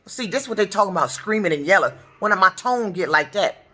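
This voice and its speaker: A woman's voice: mid-range voice, lively intonation, fairly quick, bright, forceful tone. Heated ranting woman. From Detroit, US. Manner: heated, profane, repetitive ranting. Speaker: truck driver. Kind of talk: angry ranting vlog.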